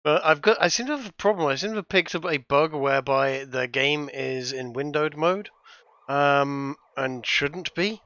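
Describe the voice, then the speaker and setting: A man's voice: fairly high pitch, normal speed, bright, forceful tone, no echo. A man streaming a video game and chatting with friends, stammering, joking and swearing often. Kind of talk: casual gameplay commentary. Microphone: poor-quality headset mic. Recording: lo-fi voice chat mic.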